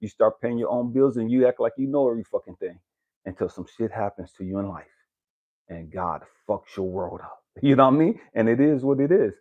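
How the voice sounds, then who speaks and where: A man speaking as a spiritual life coach, giving a blunt, cursing motivational rant to the camera that builds to shouting. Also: mid-range voice, animated, a little fast, phone-quality sound.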